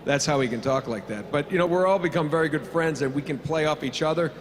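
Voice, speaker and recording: A man's voice: fairly high pitch, fast talker. A middle-aged male voice actor answering fan questions on a convention panel, joking and rambling with many fillers. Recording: reverberant convention hall, faint hum.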